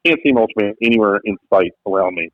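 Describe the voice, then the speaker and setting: A man, a business founder and podcast guest, telling a story in lively conversation and acting out quotes in different voices. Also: on the low side, fast talker, no room sound. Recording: tinny phone-like line, dry.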